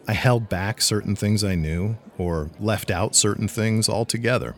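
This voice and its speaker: A man's voice: lowish voice, normal speed. A man hosting a podcast, looking back in thoughtful, plainspoken narration. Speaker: podcast host. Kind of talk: reflective narration.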